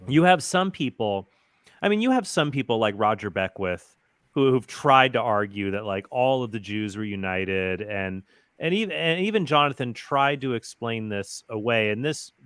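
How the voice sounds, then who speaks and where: A man's voice: medium pitch, a bit bright, clear, resonant tone, no echo. A man in a casual discussion, explaining and defending the points he made in a debate. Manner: explanatory, argumentative.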